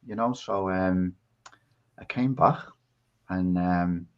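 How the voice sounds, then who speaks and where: A man's voice: deep voice, slow pace, clear, resonant tone. A man with a Scouse accent, chatting casually as a podcast guest and telling his story over a video call. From England. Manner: rambling storyteller. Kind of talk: casual chat. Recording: dull lo-fi audio.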